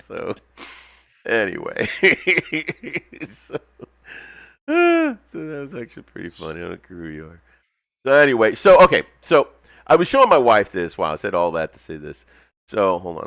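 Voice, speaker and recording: A man with a medium-pitched, creaky voice hosts a casual hobby livestream, recorded with studio quality and no room sound. He tells stories in a loose, slangy style, laughing often and acting out the voices of the people he quotes, like an animated storyteller.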